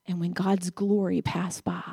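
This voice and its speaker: A woman's voice: fairly low pitch, flat delivery, unhurried, creaky, dark tone, breathy edge, no room sound, studio quality. A woman preacher delivering a sermon, talking conversationally and asking her congregation direct questions.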